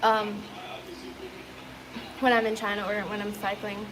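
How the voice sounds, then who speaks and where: A woman's voice: medium pitch, completely flat delivery, a little slow, a crowd in the background, rough recording. A woman chatting casually on a livestream, reading viewer messages, giggling often and leaning on fillers.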